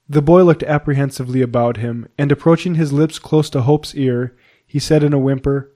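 A man narrating a period novel as an audiobook reader, in a measured, even storytelling manner. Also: mid-range voice.

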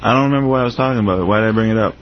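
A man with a lowish voice co-hosts a radio show, cracking dry, sarcastic jokes in loose banter. The sound is dull and lo-fi, like an old radio broadcast. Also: very fast, background noise.

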